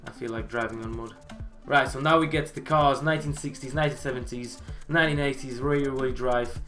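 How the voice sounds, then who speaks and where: A man's voice: medium pitch, steady tone, a little fast, a bit bright, soft background music. A man hosting a gaming channel, chatting casually and thinking aloud while he plays. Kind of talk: casual gameplay commentary.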